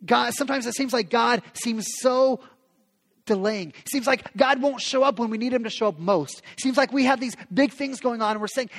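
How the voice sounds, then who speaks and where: A man's voice: very high-pitched, brisk, a bit bright. A man preaching a sermon as pastor, speaking with passion and acting out quoted prayers. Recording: long reverb of a large hall.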